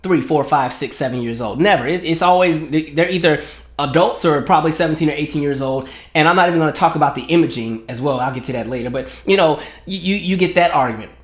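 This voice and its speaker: A young commentary channel host with a fairly high voice talks quickly in a roomy-sounding space. In his casual monologue he tells stories animatedly and mocks the other side in a raised voice.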